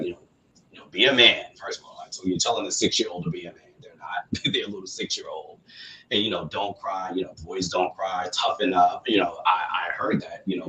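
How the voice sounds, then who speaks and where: Low-voiced guy on a podcast, calm and thoughtful, echoey room with a little hiss. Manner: calm, reflective, explains at length. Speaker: podcast guest. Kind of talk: casual podcast conversation. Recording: roomy with faint background noise.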